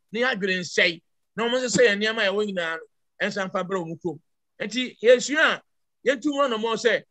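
Ghanaian man, 60s, emphatic church speaker, high bright tone, dry close sound. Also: dry recording. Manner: emphatic, mixes English words into his talk. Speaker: church member giving a response. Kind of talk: impassioned church discussion.

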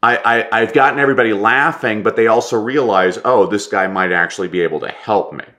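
A man telling stories as a podcast guest and presentation coach, animated and acting out quoted lines, often restarting words as he talks. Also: on the low side, fast talker. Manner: lively, stammers restarts, acts out quotes. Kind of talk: animated anecdotal storytelling.

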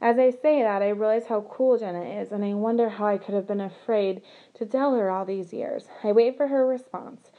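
A woman narrating a novel in the first person, with an earnest, steady delivery. Her voice sits at a middling pitch for a woman. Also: normal speed, phone-quality sound. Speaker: audiobook narrator.

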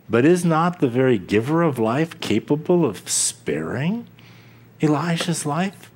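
A man preaching a sermon as pastor, slow and deliberate, with dramatic pauses, sudden quiet drops and chuckles between points. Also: fairly high pitch.

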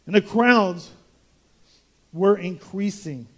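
A man's voice: high-pitched, slow pace, a bit bright. A man preaching a verse-by-verse sermon as pastor, emphatic and prone to repeating words as he builds his point.

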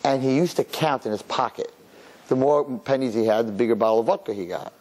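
A middle-aged rabbi telling a story as a sermon, acting out the characters and mixing in Yiddish and Hebrew words. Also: male voice, medium pitch, a little fast, darkish tone.

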